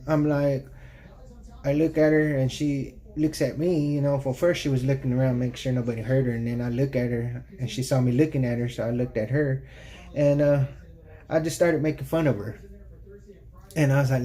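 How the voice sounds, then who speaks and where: A man from Texas tells casual personal stories for his channel with a mellow, relaxed tone. He rambles, filling his sentences with "you know" as he goes. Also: mid-range voice, moderate pace. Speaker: YouTube storyteller. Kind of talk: casual anecdotal storytelling.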